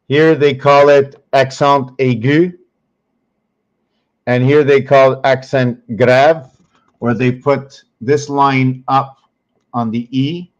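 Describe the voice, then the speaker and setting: A man with a mid-range voice, recorded with the highs cut off, hosts his own channel and teaches on screen. He walks viewers through his screen slowly, thinking aloud as he searches, rambling with many pauses and self-corrections.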